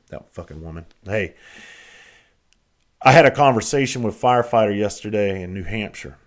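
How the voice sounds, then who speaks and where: A man hosting a podcast, telling a story in a blunt, profane, rambling way. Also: low voice. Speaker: podcast host. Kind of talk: casual storytelling.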